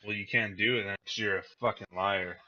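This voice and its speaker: A man's voice: fairly low pitch, fairly even intonation, fairly quick, sharp tone, lo-fi sound. A young man in casual voice chat, taunting and trading insults.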